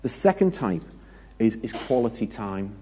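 A man's voice: fairly low pitch, sing-song, measured pace, mellow, husky. A British man preaching a conversational sermon, chatty and joking, with anecdotes and asides to the congregation.

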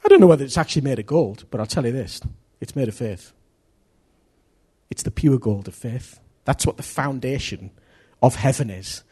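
Husky-voiced preacher man, lively sermon. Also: medium pitch, normal speed. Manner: animated, acts out congregation's voices, swings from loud to hushed.

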